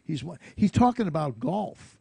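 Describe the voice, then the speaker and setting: A man's voice: on the high side, sing-song, moderate pace, vocal fry, dark tone, husky, dry recording. A middle-aged man co-hosting a talk radio show, bantering casually and laughing often. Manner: jokey, laughs often, drops into comic voices. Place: radio studio.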